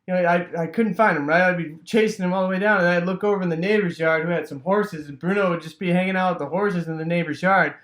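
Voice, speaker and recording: A man's voice: fast, hardly any pauses, fairly bright tone. Rambling man telling a childhood story. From Wisconsin, USA. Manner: rambling, full of fillers and sound effects like "boom". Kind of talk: casual personal storytelling.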